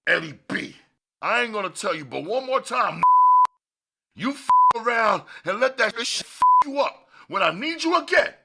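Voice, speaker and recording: A man's voice: rumbling low, measured pace, creaky, very noisy, heavily acted. A man voicing a hard, commanding gang leader in an audiobook, barking blunt, profane orders. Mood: angry. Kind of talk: audiobook character voice.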